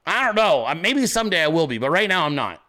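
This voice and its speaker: A man with a slightly high, bright, pushed voice talks fast and very animatedly. He hosts a political commentary show, ranting at his audience in blunt, crude, casual speech.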